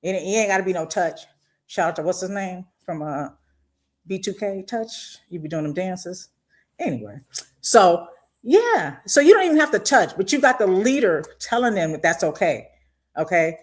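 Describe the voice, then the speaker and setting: A woman's voice: lowish voice, lively intonation, normal speed. Impassioned woman hosting a live podcast. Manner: impassioned, talks straight to listeners, slangy. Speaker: podcast host. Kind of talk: casual live-stream monologue.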